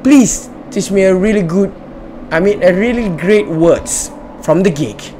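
A man's voice: high-pitched, lively intonation, a little slow, mellow, a little hiss or hum. A man hosting a casual let's-play video, chatting playfully as he explores, joking and talking back to the game. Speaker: gamer and channel host.

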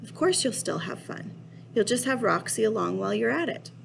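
A woman reading aloud voicing a patient, firm father, speaking calmly and apologetically. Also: on the high side, brisk, vocal fry, noisy background, pitched above the performer's own voice.

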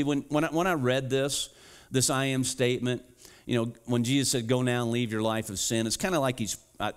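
Middle-aged male pastor mid-sermon, mid-range voice, swings between urgent appeals and slow weighty lines. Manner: urgent, rising to emphatic repetition; drops to slow, low, deliberate emphasis.

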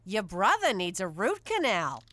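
A woman's voice: medium pitch, wildly swooping pitch, measured pace, fairly bright tone, no echo. A woman voicing a doting but chiding mother in an adult cartoon. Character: fussing mob-family mom.

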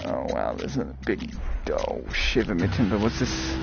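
A man from Australia, rambling through jokey live commentary while playing a VR game, breaking into loud yelps. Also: fairly low pitch, big pitch swings, moderate pace, vocal fry. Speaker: VR game streamer. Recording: dull lo-fi audio with loud game music.

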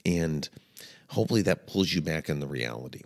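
A man hosts a comedy podcast in a deep, low-pitched voice. He talks in a playful, mock-dramatic way. His pitch leaps from low mutters up to high exclaims. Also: expressive, fairly quick, vocal fry. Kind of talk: comedic monologue.

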